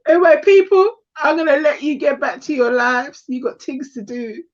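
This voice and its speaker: Brief: hoarse woman host, high voice, chatty and self-mocking, dull lo-fi sound. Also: normal speed. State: hoarse, voice going thin. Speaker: tarot reader and channel host. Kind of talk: casual chat.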